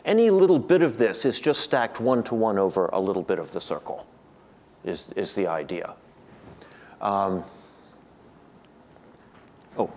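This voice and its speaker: Low-voiced man giving a lecture. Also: unhurried, long pauses, a little mellow. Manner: thinking aloud, frequent restarts and repeated words. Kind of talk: academic lecture.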